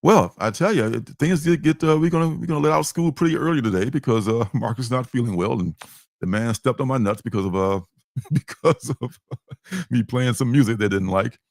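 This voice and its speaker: A man's voice: mid-range voice, fairly quick, no room sound, clean studio sound. A man hosting a comic book livestream, chatting casually, joking and rambling with frequent chuckles. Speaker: livestream host.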